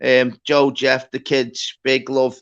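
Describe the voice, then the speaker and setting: Lad on a livestream, swearing a lot, lo-fi dull audio. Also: male voice, medium pitch, slow, gravelly. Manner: swearing, animated storytelling. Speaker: livestream host. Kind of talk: casual livestream chat.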